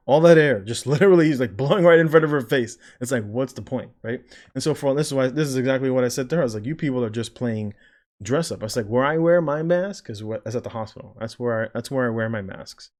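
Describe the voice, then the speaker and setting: Guy nurse ranting casually on his vlog, sarcastic, kinda rambly, normal pitch. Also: fast talker, darkish tone. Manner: sarcastic, rambling, mimics people he disagrees with. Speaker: nurse giving video commentary. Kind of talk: casual commentary.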